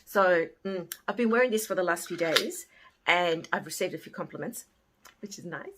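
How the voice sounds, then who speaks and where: A woman's voice: on the low side, normal speed, background noise. Chatty woman reviewing beauty products. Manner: chatty, often trailing off softly. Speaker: beauty haul vlogger. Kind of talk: casual product review chat.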